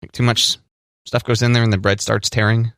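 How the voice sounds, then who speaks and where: A man's voice: mid-range voice, level tone, fairly quick, fairly bright tone, no echo. A man co-hosting a casual podcast, teasing and joking with his co-host. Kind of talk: casual chat.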